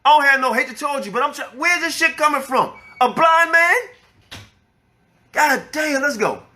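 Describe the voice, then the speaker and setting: A man's voice: very high voice, lively intonation, moderate pace, sharp tone. A man, an elder of a religious group, angrily reacting to a clip with profane, preaching rebuttals. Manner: angry, profane, preaching, repeats the clip's words to rebut them. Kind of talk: heated reaction commentary.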